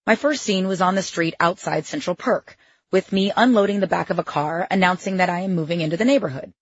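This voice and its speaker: A woman's voice: lowish voice, fast talker, husky, no echo, highs cut off. A woman reading her own memoir in the first person, with a wry, sardonic edge to her asides. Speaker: memoir narrator.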